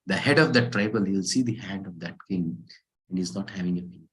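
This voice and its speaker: A man teaching a scripture class, telling a parable with lively rhetorical questions. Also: low voice, brisk, low-quality recording. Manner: animated storytelling, rhetorical questions. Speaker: spiritual teacher.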